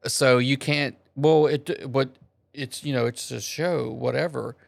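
Man, podcast co-host, gravelly voice, dry close sound, blunt casual banter. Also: mid-range voice, fairly even intonation, unhurried, no echo. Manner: blunt, retells jokes.

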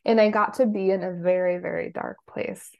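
A woman in her thirties, a guest on an interview show, telling her life story in a casual, animated way, acting out quotes with lively voices. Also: on the low side, moderate pace, gravelly, dull audio. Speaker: guest, psychic and life coach.

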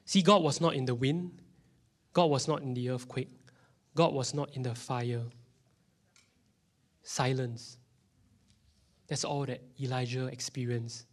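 In a church hall, a Singaporean English–accented pastor in his thirties delivers an animated sermon at medium pitch, speaking a little slowly and pausing often. Now and then he sinks into a whisper to stress a point.

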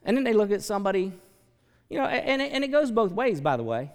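A man preaching a sermon as pastor, animated and jokey, swinging from loud outbursts to quiet asides. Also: high-pitched, fast talker, clear, resonant tone. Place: church sanctuary. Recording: long reverb of a church hall.

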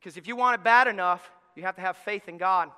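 High-voiced pastor in a reverberant hall. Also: male voice, fast talker, smooth. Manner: animated storytelling with acted-out voices; swings from quiet asides to loud shouts. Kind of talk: sermon.

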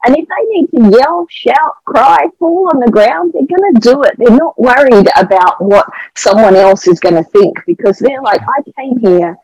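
A woman's voice: on the high side, animated, moderate pace, few pauses, darkish tone, slightly rough, no room sound, low-quality recording. A middle-aged Australian woman, the wife of a pastor, tells church stories in an earnest and emotional way, with a lot of animation. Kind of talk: testimony storytelling on a podcast.

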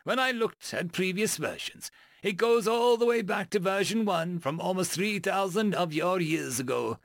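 A man's voice: high voice, normal speed, creaky, a bit bright, no echo, clean studio sound, heavily acted. A man voicing an earnest, pedantic male alien crewmate who explains things in a matter-of-fact, over-detailed way. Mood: explaining.

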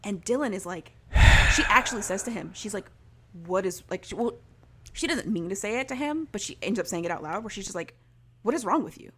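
A woman's voice: mid-range voice, lively intonation, a little fast, a bit bright, a little hiss or hum. A young woman in casual chat, retelling a story in a chatty, filler-heavy way and acting out the lines of the people in it. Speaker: podcast co-host recapping a story.

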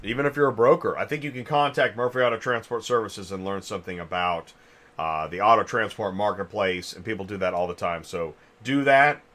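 A man's voice: on the low side, fairly quick, fairly bright tone. A man hosting a casual industry chat, rambling and thinking aloud with many restarts while chewing a cough drop. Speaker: podcast host.

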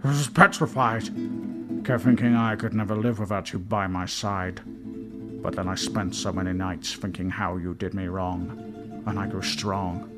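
A man's voice: low voice, fairly even intonation, unhurried. A man doing a cold, hissing vengeful swordsman. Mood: bitter. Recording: music playing behind.

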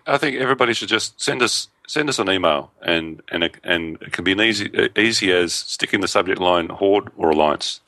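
Deep, bright-toned man co-hosting a podcast. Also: brisk, hardly any pauses, no room sound. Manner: dry, brief remarks, reads emails aloud. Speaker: podcast co-host. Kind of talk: casual chat.

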